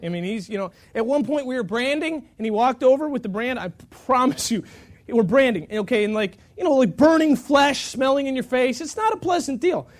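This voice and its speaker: A pastor telling a long, self-mocking story during a sermon, acting out the quotes with lots of energy. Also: male voice, extremely high pitch, expressive, brisk.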